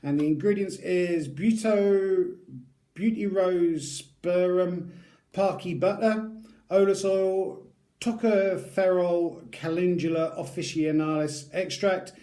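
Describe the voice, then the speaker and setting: With a high-pitched, mellow voice, a man gives viewers a rambling unboxing review of a tattoo aftercare product, talking to them directly. He chats freely and tosses in jokey asides.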